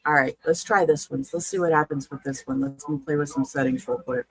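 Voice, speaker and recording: Gravelly-voiced woman streamer. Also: low voice, brisk, no echo, rough recording. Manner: chatty, frustrated, swearing and laughing. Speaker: livestream host reacting to body cam videos. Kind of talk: casual livestream chat.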